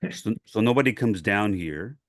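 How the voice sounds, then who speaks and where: An older man speaks in a deep, low register with the careful General American diction of a trained radio newscaster. He pauses often between thoughts in a relaxed chat. The sound is close and dry, with no room around it. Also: dry recording. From New York City. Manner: measured, trained broadcast delivery with many pauses. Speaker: guest. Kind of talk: casual chat.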